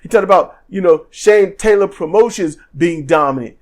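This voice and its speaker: A man co-hosting a podcast, giving an animated, joking wrestling review in casual chat. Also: sits high, moderate pace. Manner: animated, acts out quotes in silly voices; joking, laughs often. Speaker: podcast co-host.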